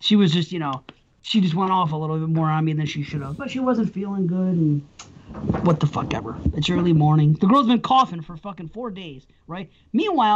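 A middle-aged man telling a long, profane story in casual podcast chat. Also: high-pitched. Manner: rambling, profane, animated storyteller. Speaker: podcast co-host. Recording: dull lo-fi sound.

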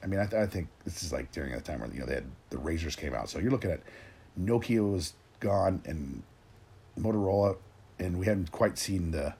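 A man in his forties ranting in a rambling, gruff way, swearing constantly and restarting his sentences as he talks to his listeners. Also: low voice, animated, brisk, darkish tone. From Tennessee, raised in Oregon. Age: 40s. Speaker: rant host. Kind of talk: profane solo rant.

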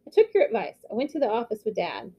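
Woman doing an excited teen boy. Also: on the high side, fast talker, slightly rough, full character voice. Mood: eager.

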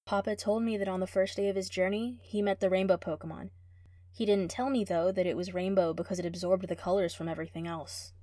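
A woman reading fan fiction aloud, telling a first-person story in a steady, expressive way. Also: lowish voice, a little fast, no room sound, clean studio sound. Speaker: reader.

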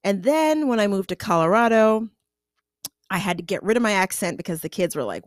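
A chatty American woman talking on her own podcast in a casual, playful way, now and then sliding into little accent impressions. Her voice sits at a middle pitch and sounds close and dry, with no room around it. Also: big pitch swings, fairly quick, no echo. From United States. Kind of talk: casual solo monologue.

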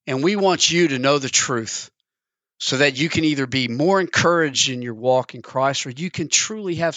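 A man's voice: fairly bright tone, dry recording. A man preaching a sermon, telling a parable in an earnest storytelling manner. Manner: earnest, storytelling, acts out the characters in pitch.

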